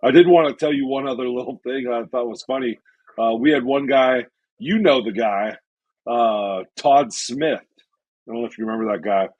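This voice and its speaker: Male co-host, husky, laid-back, dry lo-fi sound. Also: medium pitch, normal speed, dry recording. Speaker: podcast co-host. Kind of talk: casual chat. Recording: dull, dry lo-fi recording.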